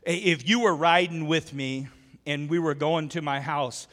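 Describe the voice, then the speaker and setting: A man with a high, bright voice preaches to a congregation in a church sanctuary. He tells homely stories and jokes with his listeners. His words ring out with a long hall reverb. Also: normal speed. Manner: folksy storytelling, joking with the congregation. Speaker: pastor. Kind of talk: sermon.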